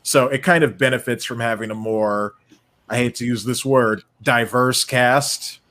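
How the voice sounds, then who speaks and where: A man's voice: mid-range voice, steady tone, measured pace, fairly bright tone. A man in his twenties hosting a casual watch party chat, reading viewer messages aloud and laughing often.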